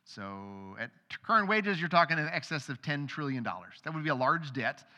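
A man's voice: fairly high pitch, big pitch swings, moderate pace, bright, forceful tone, big-room sound. A male pastor giving a sermon in a conversational way, acting out the voices of people in the stories he tells. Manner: conversational, acts out quoted voices.

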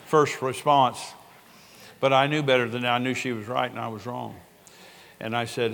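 A man's voice: medium pitch, level tone, moderate pace, vocal fry, fairly bright tone. Older male pastor preaching in a reverberant hall. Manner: earnest storytelling, conversational preaching with quoted dialogue. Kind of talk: sermon. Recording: long reverb of a large hall.

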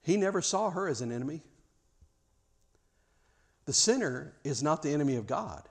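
Animated preacher with a raised voice. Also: male voice, fairly high pitch, normal speed. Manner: animated, stammers and restarts, acts out scenes. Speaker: pastor. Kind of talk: sermon.

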